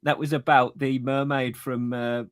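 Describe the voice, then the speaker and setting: A man's voice: mid-range voice, flat delivery, measured pace, noisy background. A man co-hosting a podcast, chatting casually and reading out listener comments with easy laughs. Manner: chatty, laughs easily, many fillers. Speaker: podcast co-host.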